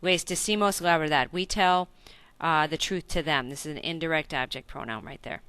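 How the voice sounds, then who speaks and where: Bright, crisp woman teaching grammar. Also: sits low, normal speed, dry recording. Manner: explains step by step with frequent self-corrections and check-in questions. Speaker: Spanish teacher. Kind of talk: recorded video lesson.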